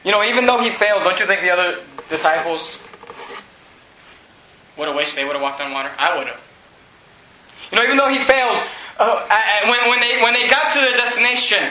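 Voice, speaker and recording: Fervent high-pitched preacher man. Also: sing-song, roomy sound, a little hiss or hum, low-quality recording. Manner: loud, fervent preaching with shouts and quick drops to low tones. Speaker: pastor. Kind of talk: sermon.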